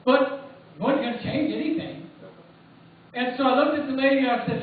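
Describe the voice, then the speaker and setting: A man preaching and telling a personal testimony at a church service, emphatic and rising to near shouts. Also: extremely high pitch, steady tone, moderate pace, heavy reverb, a little hiss or hum. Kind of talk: sermon testimony. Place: church sanctuary. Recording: tinny distant church recording.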